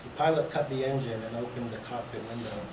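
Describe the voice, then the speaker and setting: Male writer, plain steady prose reading, mid pitch, distant mic in a roomy hall. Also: fast talker. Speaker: fiction writer reading his work. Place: public library reading event. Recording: echoey room, distant mic, background noise.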